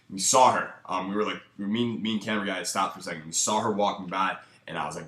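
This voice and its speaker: A man's voice: sits low, fast talker, hardly any pauses, a bit bright. A man coaching casually, breaking down footage with a laid-back, filler-heavy way of talking. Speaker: dating coach. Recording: echoey room.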